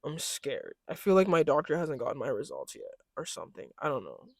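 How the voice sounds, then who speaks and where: A young woman vlogger telling a story in casual chat, slangy and animated, laughing often and switching into loud mocking voices when she quotes people. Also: low voice, quick pace, husky, no echo, studio quality.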